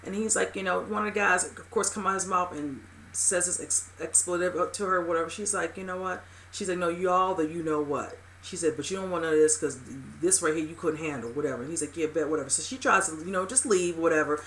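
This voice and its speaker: Fast, rambling tv recap host. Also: mid-range voice, fairly bright tone, a little hiss or hum. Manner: rambling, heavy use of "you know" and "whatever"; emphatic, exclaiming at upsetting scenes. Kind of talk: casual episode recap commentary.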